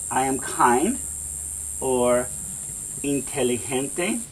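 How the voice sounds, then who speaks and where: A man teaching a beginner language lesson in a classroom, patiently repeating example phrases slowly. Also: medium pitch, lively intonation, a little hiss or hum. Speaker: Spanish teacher.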